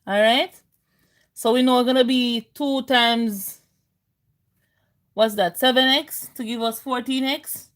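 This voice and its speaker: A woman teaching an online math lesson. Her voice sits high and she talks at an unhurried pace. She keeps chatting to her viewers, calling them guys. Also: fairly even intonation, a bit bright.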